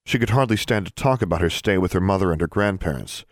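A man reading an audiobook in steady, measured narration. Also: low voice, no room sound, clean studio sound. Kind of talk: scripted narration.

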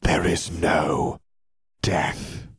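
A man voicing a cold, calm male dark wizard who speaks in a soft whisper. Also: low voice, drawn-out words, husky, no room sound, studio quality, exaggerated voice. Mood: solemn.

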